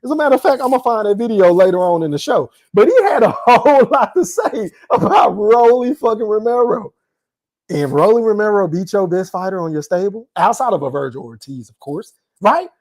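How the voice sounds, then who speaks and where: Animated man hosting a live boxing podcast. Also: sits high, a little fast. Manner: animated, laughs often, talks straight to the chat. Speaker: podcast host. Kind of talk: casual live-stream commentary.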